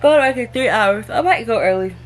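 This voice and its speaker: A woman's voice: on the high side, lively intonation, a little fast, distant mic. A woman chatting through a casual tutorial vlog in a slangy, rambling way from her bathroom. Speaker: vlogger. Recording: roomy, off-mic, faint noise.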